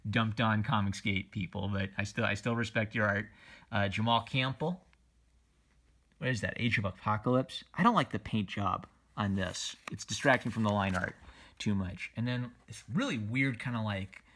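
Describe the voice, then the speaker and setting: A man's voice: lowish voice, sharp tone. A man casually reviewing comic book covers, rambling and opinionated, with lots of fillers and restarts. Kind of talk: casual commentary while flipping through covers.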